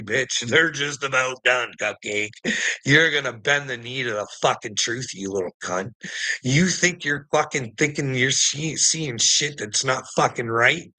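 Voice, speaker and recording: A man's voice: mid-range voice, a little slow, pushed and bright, no room sound, low-quality recording. A man in an angry, profane commentary rant, firing off rhetorical questions and mocking taunts. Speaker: vlogger.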